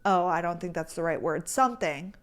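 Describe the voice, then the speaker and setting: A young woman in her twenties hosting a podcast, telling a story in a chatty, animated, self-deprecating way. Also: fairly low pitch, brisk, clean tone. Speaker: podcast host. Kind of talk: casual storytelling chat.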